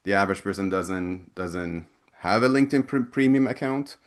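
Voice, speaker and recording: Low-voiced man answering chat questions. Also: moderate pace. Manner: loose and chatty, many restarts, reads out chat questions. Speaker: webinar presenter, ex-recruiter. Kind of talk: casual Q&A from chat.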